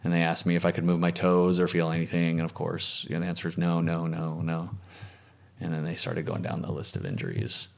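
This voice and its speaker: A man as an interview guest, telling a personal story in a reflective, matter-of-fact way that often trails off softly. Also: sits low, fairly quick, creaky. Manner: reflective, matter-of-fact, with frequent restarts and trailing soft phrases.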